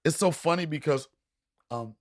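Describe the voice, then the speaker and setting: A middle-aged man, a guest comedian, telling stories in podcast chat, animated and acting out voices with frequent laughter. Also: on the high side, normal speed, no room sound, studio quality. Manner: animated storyteller, acts out voices, laughs often.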